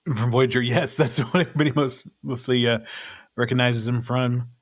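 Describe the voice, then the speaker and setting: A man's voice: medium pitch, fairly even intonation, a little fast. A man co-hosting a casual movie podcast, rambling through the cast list with frequent chuckles and fillers. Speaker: podcast co-host.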